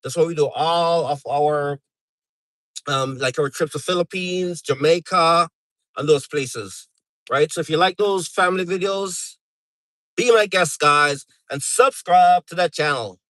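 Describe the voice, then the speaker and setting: A man's voice: a little high, measured pace, a bit bright, no echo, rough recording. Chatty middle-aged man on a live stream. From Canada. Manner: rambling, chatty, many fillers and restarts. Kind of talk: casual live stream chat.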